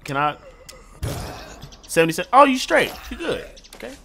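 Man, gaming commentary, lively pitch, yells a lot, noisy game sound behind, home setup. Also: normal speed. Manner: excitable, yells and talks to game characters. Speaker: gaming YouTuber. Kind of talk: let's play commentary. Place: home room.

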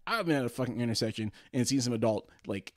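A man's voice: medium pitch, animated, fast, no echo, studio quality. A man co-hosting a podcast, telling rambling, profane stories in casual chat, full of restarts and laughs. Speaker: podcast co-host.

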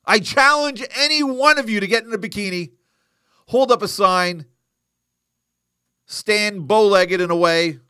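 A man's voice: sits high, unhurried, long pauses, clear, resonant tone, dry recording, clean studio sound. A man hosting a live boxing news show, chatting casually, joking and answering viewer comments. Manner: animated, joking, reacting to live chat. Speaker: host.

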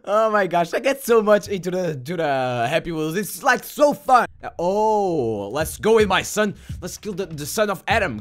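Excitable high-voiced gamer man. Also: normal speed. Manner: loud, shouty, swears a lot, jokey. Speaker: gaming YouTuber. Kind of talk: excitable gameplay commentary.

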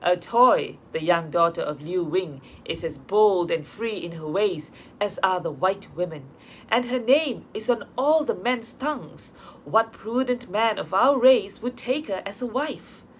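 A woman's voice: medium pitch, expressive, measured pace, a little hiss or hum, close to an everyday voice. A woman reading an audiobook, voicing a gossiping neighbor woman who disapproves of new ways.

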